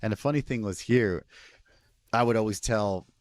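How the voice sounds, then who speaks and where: A man from Canada with a fairly low voice, chatting loosely as the host. He tells stories in a laid-back way and swears freely. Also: normal speed. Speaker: podcast host, restaurant owner. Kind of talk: casual chat.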